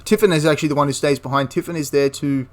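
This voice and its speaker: Young man, casual history narration, chatty, corrects himself as he goes, slightly higher voice. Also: steady tone, very fast. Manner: chatty, self-correcting, laughs at the story. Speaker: history channel host.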